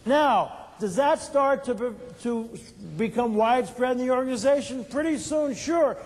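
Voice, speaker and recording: A man's voice: extremely high pitch, moderate pace, a little mellow. An older man giving a motivational keynote talk, asking the audience questions and answering them himself in a playful storytelling way. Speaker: keynote speaker. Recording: reverberant hall.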